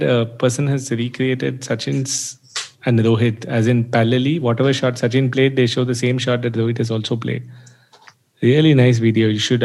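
A man, a guest cricket analyst chatting casually about batting. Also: medium pitch. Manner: relaxed, enthusiastic about batting, restarts sentences. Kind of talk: casual podcast conversation.

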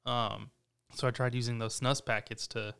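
A man's voice: medium pitch, little pitch movement, normal speed, vocal fry, a bit bright, smooth. A laid-back man in casual chat, joking and swearing casually. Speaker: podcast co-host.

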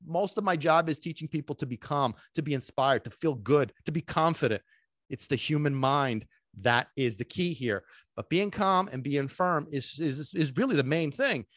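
A man hosting a solo podcast as a dog trainer, talking in an excitable, emphatic way and dropping in Sicilian phrases and casual swearing. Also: on the high side, moderate pace, dry recording, clean studio sound. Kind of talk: energetic solo podcast talk.

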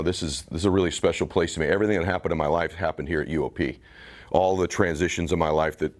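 Motivational speaker, man, forties, American, low-pitched, intense and emphatic. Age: 40s. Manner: intense, building to emphatic urging. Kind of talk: motivational speech to a team.

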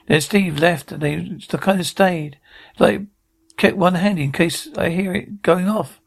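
A man's voice: high voice, steady tone, unhurried, gravelly, full character voice. An actor playing an easygoing male builder with a laid-back, rambling, cheeky way of talking. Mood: breezy. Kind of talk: TV drama acting.

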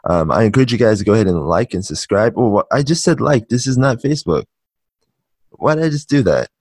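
Low-voiced man hosting a podcast. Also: quick pace, breathy edge, no room sound. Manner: relaxed, laughs easily, many ums. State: shaking off morning voice. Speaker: podcast host. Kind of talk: casual interview chat.

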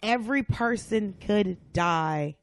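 A woman from the American South, a comedian guest on a podcast, telling stories in a blunt, profane, animated way. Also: medium pitch, slow, no echo. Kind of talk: casual chat.

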